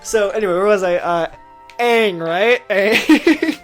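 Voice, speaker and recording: A woman's voice: mid-range voice, normal speed. A woman co-hosting a gaming video, rambling through an absurd made-up story and acting out the voices. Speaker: let's play co-host. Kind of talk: casual gaming chat. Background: game music.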